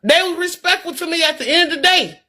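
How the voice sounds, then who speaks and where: A woman's voice: extremely high pitch, fast talker, bright, forceful tone. A middle-aged woman talking candidly on a live stream, earnest and preachy, repeating words as she gets worked up. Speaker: livestreamer reading viewer comments.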